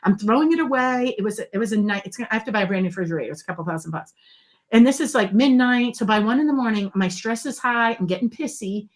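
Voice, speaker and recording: A middle-aged woman guest on an interview show, explaining ideas and telling stories in a lively, emphatic way. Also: fairly high pitch, quick pace. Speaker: guest, body language expert. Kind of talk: conversational interview.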